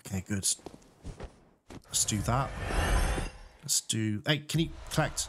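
A man's voice: a little high, expressive, a little slow, pauses often, fairly bright tone, a little hiss or hum. A young man giving casual gameplay commentary, chatty and jittery, with nervous laughs and mild swearing. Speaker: let's play gamer.

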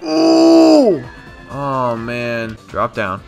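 A young man giving profane, excitable commentary over his own gameplay, talking to himself and yelling at near misses. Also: medium pitch, very slow, faint music behind. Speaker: gaming YouTuber.

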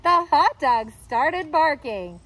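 Expressive woman reading to children. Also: high voice, slow pace, low-quality recording. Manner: expressive, sing-song, playful voices for characters. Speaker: childcare teacher reading aloud. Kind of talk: read-aloud storytime for children.

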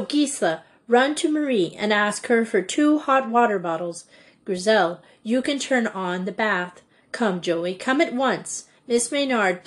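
A woman reading aloud, voicing a brisk, anxious schoolteacher who gives commands urgently. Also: mid-range voice.

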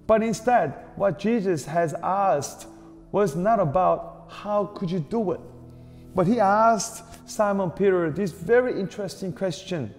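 A man preaching a sermon as pastor, slow and deliberate, stressing repeated questions. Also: fairly high pitch. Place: church hall. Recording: reverberant hall with soft music behind.

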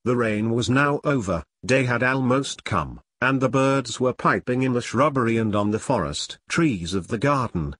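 A man narrating a classic audiobook in a measured, even manner. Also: medium pitch. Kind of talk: scripted narration.

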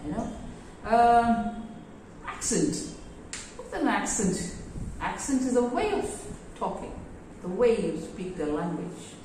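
A woman English teacher giving a lesson in a classroom, halting with many fillers. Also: on the high side, big pitch swings, mellow, slight background noise. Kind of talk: explanatory lesson. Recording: very echoey room, voice far from mic.

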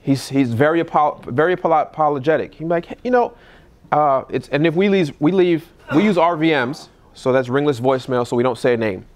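Man, real estate investor, casual seminar talk, fairly high voice, acts out phone calls. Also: fairly quick, few pauses. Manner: animated, acts out calls in a higher voice. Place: live event room.

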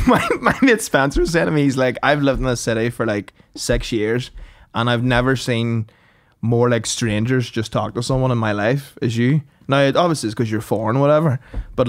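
A man's voice: medium pitch, dry recording. A young man, guesting on a podcast, telling crude stories in a casual chat and laughing often. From Northern Ireland.

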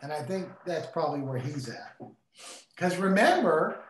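A man's voice: fairly high pitch, fairly quick, darkish tone, slight background noise. A middle-aged man teaching in a casual Bible discussion, earnest and emphatic like a preacher. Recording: roomy echo.

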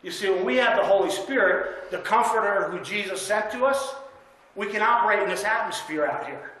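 A man with a high, light voice preaches in a folksy, conversational manner, telling stories and drawing amens from the congregation. His voice rings through a very echoey church room. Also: lively intonation, a little fast, pushed and bright. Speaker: guest preacher. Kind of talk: sermon with storytelling. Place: church sanctuary.

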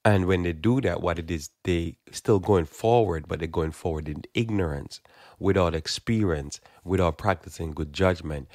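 A male preacher with a deep, rough, gravelly voice delivers a loose, conversational sermon. He often stops and restarts his sentences, and he plays out imagined back-and-forth exchanges. The recording is close and dry, with no room echo. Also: darkish tone. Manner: conversational preaching with frequent restarts and repeated words; acts out quoted exchanges in a quick casual voice. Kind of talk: informal sermon.

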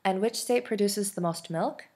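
A woman's voice: mid-range voice, moderate pace, a little mellow, husky. Woman reading as a kind, firm caregiver. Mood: encouraging.

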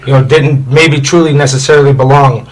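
A man's voice: medium pitch, fairly quick, poor audio. A man from Indiana telling his life story as an interview guest, rambling and candid, with many "you know" fillers.

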